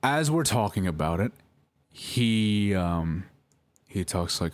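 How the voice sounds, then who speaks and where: Young guy rambling through a personal story, lots of ums and sorrys, lowish voice. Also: animated, takes it slowly, dry recording. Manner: rambling, apologetic, many fillers. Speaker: vlogger. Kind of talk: casual storytelling.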